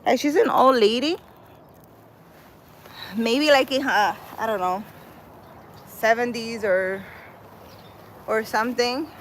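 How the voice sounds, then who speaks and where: A woman's voice: fairly high pitch, slow, long pauses, slight background noise, low-quality recording. A woman chatting casually on a live stream while walking, rambling with lots of "like" and "I don't know". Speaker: vlogger reading live chat. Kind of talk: casual chat on a live walk. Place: outdoors in a city park.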